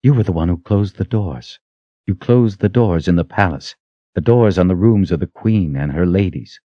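A man voicing a stern, protective woman leader who gives firm, measured orders in an audiobook. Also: low-pitched, dark tone, no echo, muffled recording. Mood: gentle.

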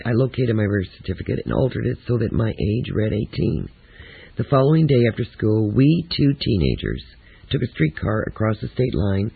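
A man narrating a first-person memoir in a steady, reflective reading. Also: medium pitch, vocal fry, breathy edge, no echo. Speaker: audiobook narrator. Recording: tinny, lo-fi phone-like audio.

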